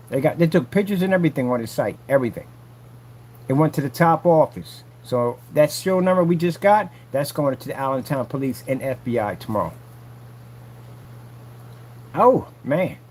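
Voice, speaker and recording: A man's voice: mid-range voice, slight background noise. A man vlogging casually from a work site, taunting a rival in a boastful, repetitive way. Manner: taunting, boastful, repeats himself. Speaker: vlogger selling projection screen paint.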